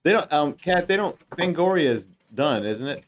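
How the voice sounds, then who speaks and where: A man's voice: fairly high pitch, expressive, moderate pace, a little hiss or hum. A man hosting a casual podcast, teasing his guest and reading out chat comments. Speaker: podcast host.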